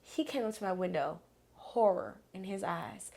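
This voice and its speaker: A woman's voice: lowish voice, animated, moderate pace, vocal fry, a little mellow. A young woman co-hosting a podcast, a little tipsy, telling stories dramatically in casual chat. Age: young adult. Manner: dramatic, laughs through her stories. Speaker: podcast co-host. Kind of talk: casual chat, animated storytelling.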